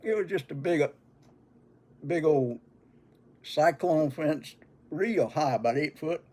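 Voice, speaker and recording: An older man telling a childhood story in a folksy, unhurried way. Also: fairly high pitch, a little mellow. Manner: folksy, unhurried, chuckling between lines. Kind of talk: casual oral storytelling.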